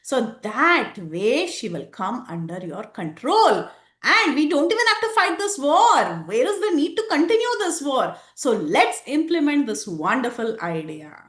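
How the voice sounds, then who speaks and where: A woman voicing a smug, scheming male demon counselor who lays out a trick with eager, rising excitement, in a roomy, echoing space. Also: a little slow, full character voice. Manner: excited, persuasive, pitch rising. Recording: roomy echo.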